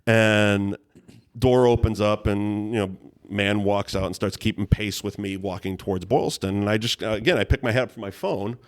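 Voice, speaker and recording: A man's voice: on the low side, fairly even intonation, moderate pace. Man, casual storytelling, rambling, restarts, laughs. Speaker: guest storyteller. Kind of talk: casual chat.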